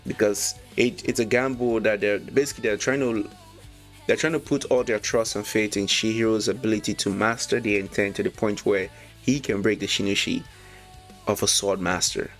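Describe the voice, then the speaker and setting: A man casually reviewing a manga chapter, reading lines aloud, excited and slangy, laughing often. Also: lowish voice, normal speed, faint music behind. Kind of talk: casual read-along commentary.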